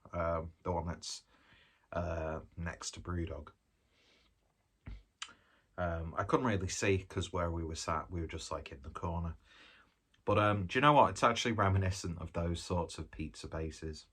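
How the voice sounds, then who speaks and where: A man talks his way through a pizza review in a loose, rambling style, eating as he goes. His voice sits low and deep. It has a husky, slightly rough texture. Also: moderate pace, a bit bright. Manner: rambling and chatty, talking while eating. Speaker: food reviewer. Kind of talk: casual food review vlog.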